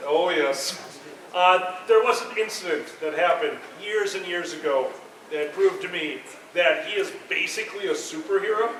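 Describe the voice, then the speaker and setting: A man's voice: high-pitched, moderate pace, a bit bright. A man on a convention panel, dryly teasing his co-panelist and introducing stories. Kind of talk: panel banter. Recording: roomy hall, distant, clear noise.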